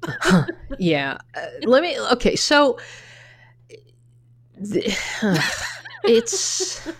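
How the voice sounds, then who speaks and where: This podcast co-host, a middle-aged woman, talks extremely slowly in a high-pitched voice whose pitch swoops wildly. She's a chatty storyteller sharing personal anecdotes in a casual conversation, restarting often and swearing now and then.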